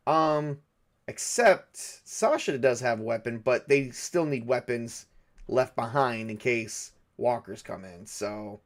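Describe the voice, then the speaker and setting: Sex: man. Role: solo game master. Style: narrating a tabletop game. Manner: muses aloud, hesitant, full of fillers. Pitch: middling. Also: animated, slow.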